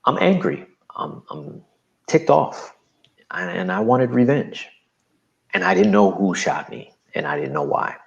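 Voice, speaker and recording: A man from New Jersey tells his story in an interview, his low voice swinging widely in pitch. He speaks with emphatic conviction. The recording is dull and lo-fi. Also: expressive, unhurried, gravelly. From New Jersey, USA. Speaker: guest. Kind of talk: personal testimony in an interview.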